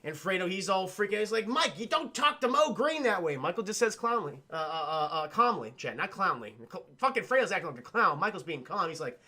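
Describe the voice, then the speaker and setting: High, bright-voiced man streaming. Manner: rambling, profane, animated retelling with quick asides to chat. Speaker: streamer reviewing a film with chat. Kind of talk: casual livestream chat.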